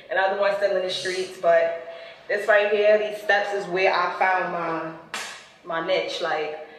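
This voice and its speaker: A woman from the Bronx with a New York accent, giving a casual walking tour of her neighborhood in laid-back street slang and reflecting on growing up there. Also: mid-range voice. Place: outdoors on city streets. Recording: echoey, distant, with loud street noise.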